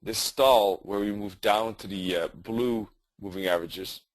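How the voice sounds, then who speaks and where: A man's voice: on the low side, unhurried, no echo, poor audio. A man presenting a live trading webinar, explaining charts conversationally and correcting himself as he goes. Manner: conversational, thinking aloud with fillers and self-corrections.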